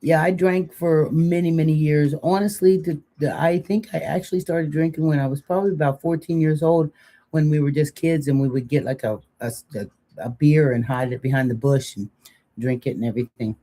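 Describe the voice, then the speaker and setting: With a low, warm voice and a slightly fast delivery, an older woman co-hosts a casual live chat. She is chatty and joking, rambling her way into long stories.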